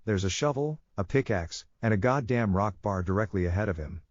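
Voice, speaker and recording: Low-voiced man narrating a horror story. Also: animated, brisk. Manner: tense first-person retelling with shouted quotes. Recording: dry dull lo-fi audio.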